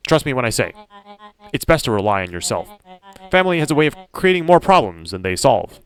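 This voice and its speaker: A man voicing an aloof, cynical elderly gentleman in a game, speaking in formal, old-fashioned phrases. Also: medium pitch, sing-song, a little fast, clean tone, soft background music. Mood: dry.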